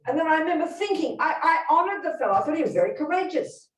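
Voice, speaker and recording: A woman's voice: sits high, very animated, quick pace. A woman teaches a room of listeners as a Buddhist nun, her voice swinging widely up and down as she drives each point home. She talks plainly and emphatically, often turning to ask the group whether they follow. She stands some distance from the microphone in a roomy, echoing hall. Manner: emphatic, blunt storytelling with direct questions to listeners. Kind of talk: teaching talk to a live group. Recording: roomy hall, speaker away from the mic.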